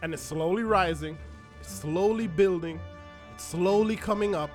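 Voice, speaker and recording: A man hosting a podcast, telling a personal story in an animated, self-mocking way with dramatic pauses. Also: high voice. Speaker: podcast host. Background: faint background music.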